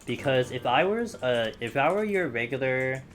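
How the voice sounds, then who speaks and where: A man's voice: mid-range voice, lively intonation, normal speed. A man chatting casually with his live-stream audience while he plays, joking and swearing now and then. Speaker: video game streamer. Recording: game music playing under the voice.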